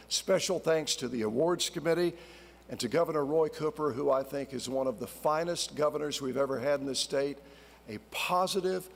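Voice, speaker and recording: A man's voice: medium pitch, vocal fry, slightly rough. A man in his sixties from North Carolina, a retired TV broadcaster, giving a grateful, heartfelt award acceptance speech at a podium in a large ceremony hall. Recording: reverberant hall.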